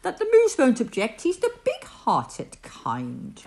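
A woman's voice: mid-range voice, huge pitch swings, unhurried. A woman voicing a cheerful, freeloading male bug in a bedtime story, breezy in manner.

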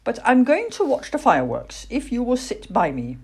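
A woman's voice: fairly high pitch, huge pitch swings, normal speed, darkish tone, breathy edge, voice pushed up, exaggerated voice. A woman reading a storybook and voicing a timid, wondering little baby barn owl boy. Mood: fearful. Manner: anxious, hesitant and wondering.

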